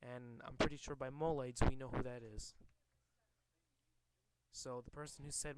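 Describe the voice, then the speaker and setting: A man's voice: medium pitch, fairly even intonation, rough recording. A man casually reading a comic aloud and commenting on it, often stumbling and rereading lines. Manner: halting, rereads and corrects himself. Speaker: comic reader.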